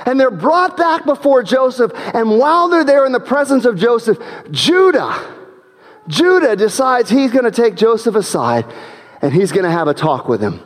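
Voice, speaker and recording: Pastor, male, high voice, delivers a dramatic storytelling sermon, heard with long church reverb. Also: sing-song, moderate pace. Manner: dramatic storytelling, acts out quoted characters.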